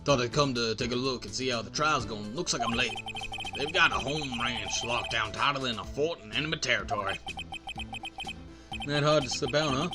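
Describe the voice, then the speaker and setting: A man's voice: medium pitch, normal speed, lightly acted. Guy putting on a laid-back cowboy cop voice, folksy drawl, throat getting strained, game music under it. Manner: folksy Southern drawl with Spanish words thrown in. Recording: game music playing behind.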